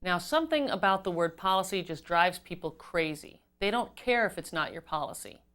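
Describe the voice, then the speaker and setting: A woman giving an instructional talk on customer service as a trainer, measured and explanatory, stressing key words. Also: fairly low pitch, animated, a bit bright, smooth.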